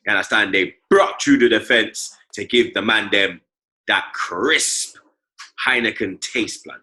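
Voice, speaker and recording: Bright-voiced slangy London podcast host. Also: male voice, fairly low pitch, rough recording. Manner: loose slangy banter, tags every phrase with "blood" and "you understand". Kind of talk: casual football podcast chat.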